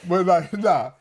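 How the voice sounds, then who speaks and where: A young man with a New Orleans accent, chatting casually on a podcast in a drawling, laid-back way. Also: high voice. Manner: laid-back, drawling, keeps asking "you feel me?". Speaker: podcast co-host. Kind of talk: casual chat.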